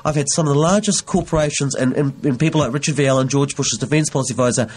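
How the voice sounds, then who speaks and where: A man's voice: medium pitch, very fast, a little mellow, husky. A man, an investigative journalist, explaining his views earnestly in a conversation. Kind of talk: conversational interview.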